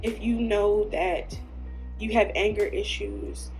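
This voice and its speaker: A woman's voice: mid-range voice, level tone, slow pace, gravelly, darkish tone, faint music behind. A woman hosting her own podcast, talking earnestly and emotionally, tearful at times. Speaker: podcast host. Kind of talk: heartfelt solo podcast talk.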